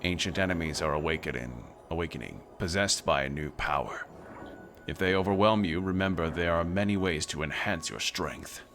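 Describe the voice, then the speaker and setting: A man's voice: sits low, moderate pace, a bit bright, faint music behind. A man reading as an ominous ancient voice from beneath the desert. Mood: solemn warning. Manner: solemn, warning. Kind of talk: reading game dialogue aloud.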